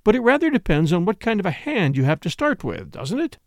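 A man's voice: high voice, sing-song, a little fast, no echo, clean studio sound, voice pushed up. A man doing a mild, placid lady. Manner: soothing, mild. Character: placid, mild-mannered unmarried woman, quietly stubborn.

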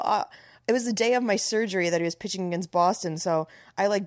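A woman in her thirties from Florida, a stand-up comedian appearing as a podcast guest, tells candid stories in a casual chat, saying "like" a lot. Her voice is fairly low and quick, with clean studio sound and no room noise.

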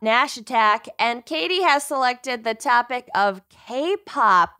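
A woman's voice: fairly high pitch, expressive, takes it slowly, bright, forceful tone. A woman with a Minnesotan accent co-hosting a podcast, chatting casually and laughing often. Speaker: podcast co-host. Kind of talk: casual chat.

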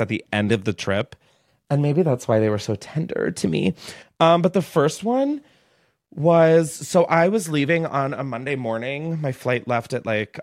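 A man's voice: medium pitch, no echo, clean studio sound. A young man hosting a podcast, telling a casual, gossipy storytime in a chatty way, with lots of "like" throughout. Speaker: podcast host.

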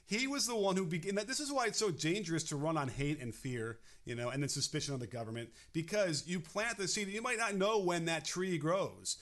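Male co-host, fairly high voice, halting and rambling in casual talk. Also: expressive, a bit bright. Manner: rambling, halting, with frequent restarts. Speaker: podcast co-host. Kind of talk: casual political chat.

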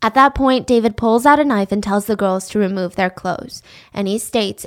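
A woman hosting a podcast, telling a true-crime story in a casual, animated way and acting out the people in it. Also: mid-range voice, normal speed. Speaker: podcast host.

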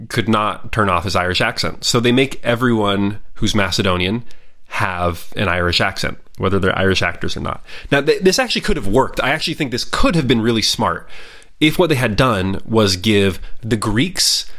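A man's voice: lowish voice, fairly bright tone. A man hosting a history podcast, talking casually and with strong opinions, often restarting and hedging his sentences. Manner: conversational, opinionated, frequent restarts and hedges.

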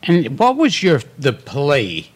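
Man, interview co-host, slow pace, lively pitch, measured questions. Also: slightly rough. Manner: asks measured questions, adds short agreements. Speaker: podcast co-host. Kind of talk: casual interview chat.

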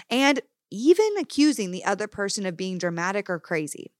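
A woman's voice: medium pitch, dry recording. Young woman doing a solo podcast, earnest and emphatic, dry close sound. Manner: earnest, emphatic, speaks directly to listeners. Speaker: podcast host. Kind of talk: candid solo podcast talk.

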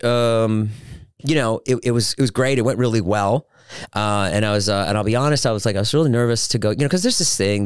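Fifties male podcast host, rambling and self-mocking, smooth clear voice recorded dry. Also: mid-range voice, no echo. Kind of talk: casual solo podcast chat.

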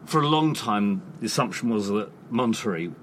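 A man's voice: fairly low pitch, expressive, normal speed, a little hiss or hum. A man co-hosting an interview, eager and gushing, tripping over his words as he praises his guest. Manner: eager, gushing, stumbling restarts. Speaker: podcast co-host. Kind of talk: enthusiastic interview chat.

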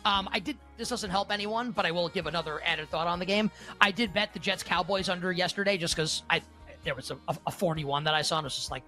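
A man co-hosting a sports betting podcast, talking casually and excitably, with many fillers and restarts. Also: sits high, brisk, faint music behind. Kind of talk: casual chat.

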